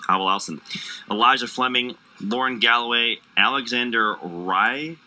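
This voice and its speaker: A man's voice: lowish voice, normal speed, sharp tone, low-quality recording. A man from Illinois doing live sports commentary, joking and playful, stumbling over player names. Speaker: play-by-play commentator.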